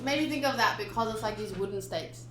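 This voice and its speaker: A woman's voice: on the high side, quick pace, reverberant, background noise. A woman giving playful, chatty commentary in a casual manga readthrough, adding her own sound effects. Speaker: manga reader, channel host.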